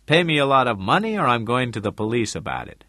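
A man voicing a scheming middle-aged man who gives hurried instructions. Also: mid-range voice, sing-song, pushed and bright, no room sound, clean studio sound.

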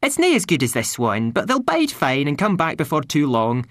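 A woman's voice: low voice, huge pitch swings, moderate pace, no echo, clean studio sound. A woman voicing a cheerful tiny male pixie clan chief with a Scottish accent, in a storybook reading. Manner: hearty, boisterous, cheerful.

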